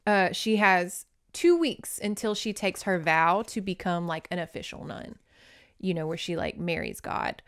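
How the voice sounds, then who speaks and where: A woman's voice: fairly low pitch, a little slow, a bit bright, smooth. A woman hosting a podcast, casually and playfully recapping a novel with joking, dramatic asides. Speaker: podcast host. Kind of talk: casual book recap and reading aloud.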